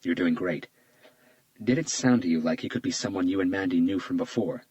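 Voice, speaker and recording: A man voicing a calm male homicide detective who questions quietly and gently. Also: deep voice, brisk, dry recording, highs cut off. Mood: gentle.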